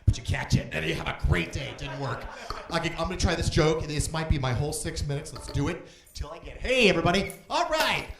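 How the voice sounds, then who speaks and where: A man doing stand-up, manic, swinging between loud shouts and low mumbled asides. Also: fairly even intonation, quick pace, creaky, hardly any pauses. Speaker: stand-up comedian. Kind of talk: stand-up comedy set. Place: comedy club stage. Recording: roomy club sound, faint background noise.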